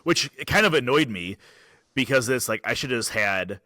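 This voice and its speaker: Bright-voiced man, casual and rambling. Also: medium pitch, lively intonation, normal speed, no echo. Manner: rambling storyteller, filler-heavy. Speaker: podcast co-host. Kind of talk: casual chat.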